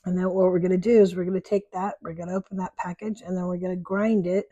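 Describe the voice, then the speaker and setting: A woman's voice: on the low side, flat delivery, quick pace, warm tone, no room sound, muffled recording. A woman with an American accent talking casually to viewers as she cooks at home, chatty and a bit self-deprecating. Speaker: home cook. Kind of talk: casual cooking vlog. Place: home kitchen.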